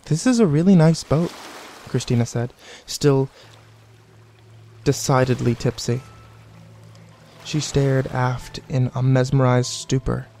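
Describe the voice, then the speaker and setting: A man reading a scripted horror story in a measured, deliberate way. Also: medium pitch, creaky, dark tone, slight background noise. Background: faint background music.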